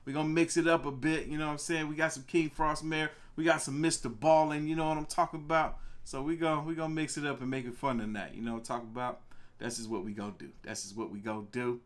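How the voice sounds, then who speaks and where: A young man hosting a casual live stream, greeting viewers by name in an animated way. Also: fast, few pauses. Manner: animated, greets viewers by name, pitch jumps on excited words. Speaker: live-stream reaction host.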